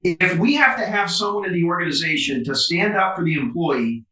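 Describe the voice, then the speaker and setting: A man's voice: sits high, lively intonation, fairly quick, bright, forceful tone. A man being interviewed as a business coach over a video call, talking emphatically and animatedly. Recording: roomy, distant video call audio.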